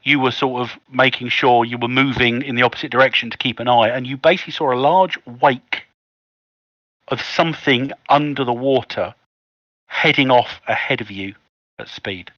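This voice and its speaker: A man running a tabletop game as game master, narrating scenes in a measured, descriptive way with the odd "um" and "sort of". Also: mid-range voice, pushed and bright, dry recording, lo-fi sound.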